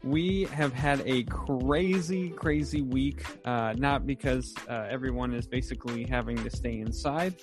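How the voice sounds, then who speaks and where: An upbeat man hosts a casual sports talk show at a middle pitch, laughing often and rambling through fillers. Faint music sits behind his voice. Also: measured pace, few pauses.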